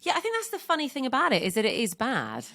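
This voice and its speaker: A woman's voice: high voice, wildly swooping pitch, quick pace, pushed and bright, no echo. A woman co-hosting a podcast in casual chat, giggly, agreeable and easily distracted. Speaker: podcast co-host.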